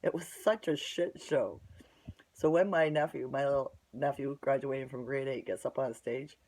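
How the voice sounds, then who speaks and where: A woman's voice: a bass voice, fairly even intonation, moderate pace, a little mellow. A woman telling a long story in a casual, rambling way, bluntly scornful and tagging her sentences with "right?". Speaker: vlogger.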